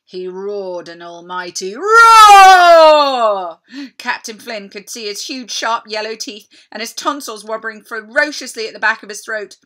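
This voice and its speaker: An older woman reading a children's storybook aloud with animated, dramatic storytelling. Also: fairly high pitch, moderate pace, few pauses. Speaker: storybook reader.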